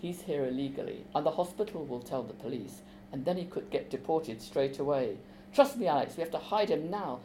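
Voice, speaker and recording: A woman reading aloud as a teenage boy, pressing urgently in a low, hushed voice. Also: lively intonation, a little fast, a little hiss or hum, low-quality recording.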